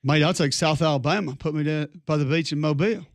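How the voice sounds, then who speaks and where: A man with a fairly high voice co-hosts a morning sports radio show from a dry, close-miked studio. He banters in a playful Australian punter bit, tossing "mate" into his lines. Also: fast talker, no room sound. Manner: joking, plays an Australian punter calling everyone "mate". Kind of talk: casual sports talk.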